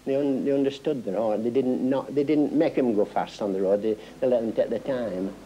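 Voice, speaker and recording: An older man with a Yorkshire accent, reminiscing in a halting way with many restarts. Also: medium pitch, mellow, slight background noise. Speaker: local interviewee. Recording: dull lo-fi 1970s film sound.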